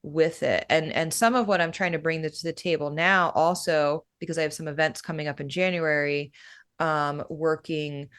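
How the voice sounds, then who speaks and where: A woman who works as a breathwork facilitator, explaining her practice in a relaxed, casual way that is full of "you know" and "right?". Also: sits low, normal speed, clear, resonant tone.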